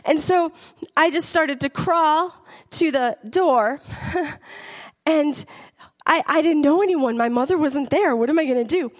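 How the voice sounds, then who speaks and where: High-voiced woman giving a church testimony. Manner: earnest, emotional storytelling with laughs. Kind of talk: personal testimony.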